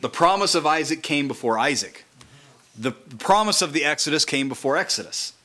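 Preaching to a small house church, this man has a fairly high, bright voice. His scripture reading is unhurried and deliberate, and afterward he explains its meaning casually, as if chatting.

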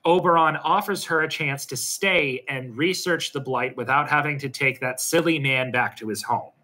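A man's voice: medium pitch, normal speed, bright, forceful tone. A man casually retelling a role-play episode over a voice call, hesitant and full of ums and restarts. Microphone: computer mic on a voice call.

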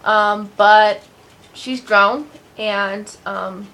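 A woman's voice: mid-range voice, fairly even intonation, very slow, fairly bright tone, a little hiss or hum. A young woman chatting casually in a home vlog, rambling with lots of ums and a loose, sweary way of talking. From Colorado, USA. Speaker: vlogger.

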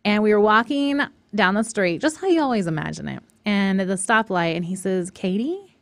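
A woman's voice: medium pitch, brisk, gravelly, no echo. Chatty woman telling a personal story. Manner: storytelling, animated quoting of others. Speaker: live show host. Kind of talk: casual talk show chat.

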